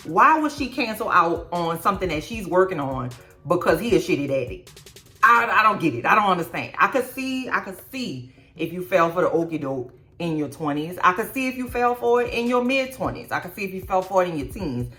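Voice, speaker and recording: A woman's voice: fairly low pitch, sing-song, brisk, bright, forceful tone, faint music behind. A woman hosting a casual show recap, blunt and profane, with mocking asides. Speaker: YouTube recap host. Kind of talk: casual reaction commentary.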